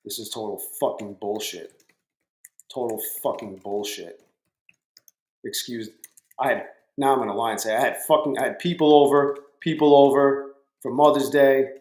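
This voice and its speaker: A man's voice: mid-range voice, darkish tone. A man hosting a casual live stream from home, talking to his viewers by name and swearing freely. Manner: profane, talks to chat viewers by name. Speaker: livestream trading host. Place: home room. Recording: roomy echo.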